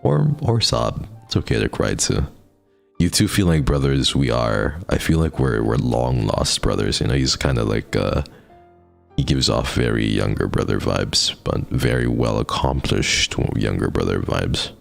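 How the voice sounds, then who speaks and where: A man's voice: rumbling low, moderate pace, creaky, faint music behind. A man streaming live in casual chat, talking to his viewers in an affectionate, encouraging pep-talk way. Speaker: livestreamer.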